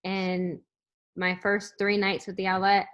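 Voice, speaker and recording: A woman speaks over a video call in loose, open conversation. Her voice has an average pitch. Her sentences ramble and are full of filler words. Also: monotone, unhurried, highs cut off. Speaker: guest at an online moms' meet-up. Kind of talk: casual chat.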